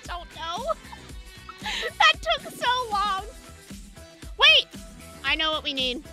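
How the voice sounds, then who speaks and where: High, bubbly young woman streamer. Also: very animated, a little slow, loud music behind the voice. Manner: giggly and chatty, talking to chat while changing onesies. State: out of breath. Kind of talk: casual livestream chat.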